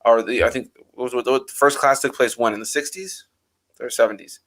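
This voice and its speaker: A man hosting a relaxed conversation, talking in long winding stretches full of ums and likes. His voice is bright and forward, at an ordinary middle pitch. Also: fairly quick. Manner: rambling, animated, many fillers. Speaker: host. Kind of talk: casual chat.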